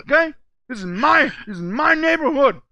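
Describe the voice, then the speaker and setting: A man's voice: extremely high pitch, sing-song, normal speed, bright, forceful tone, no echo, lo-fi sound, voice pushed up, full character voice. A man voicing a hot-tempered male mobster who is pushy and keeps demanding answers, in a put-on tough-guy voice. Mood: menacing.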